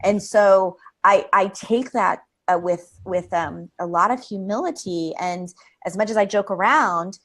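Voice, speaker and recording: Woman in a live interview, high energy, rambling, lots of ums. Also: a little slow, few pauses. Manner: energetic, rambling, laughs often. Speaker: creativity expert guest.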